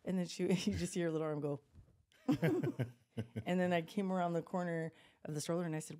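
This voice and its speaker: A middle-aged woman hosts a podcast and tells family stories in a casual chat. Her voice is warm and mellow and sits a little low. She acts out the other people in her quotes. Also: fairly even intonation, fast talker. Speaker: podcast host.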